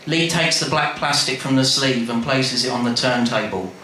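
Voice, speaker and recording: Bright-voiced man reading aloud live. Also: mid-range voice, moderate pace. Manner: wry, animated reading with asides. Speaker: storyteller. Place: bar. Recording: echoey live room, faint background noise.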